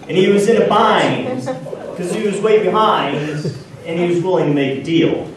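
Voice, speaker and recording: A man doing a folksy comic story at a church variety show, joking and breaking into sung parodies. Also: on the high side. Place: church hall. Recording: echoey hall, distant mic.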